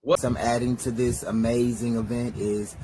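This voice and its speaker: A man's voice: medium pitch, level tone, moderate pace, mellow, a little hiss or hum. A man performing spoken word poetry in a rhyming, rhythmic flow that sometimes slides into half-singing.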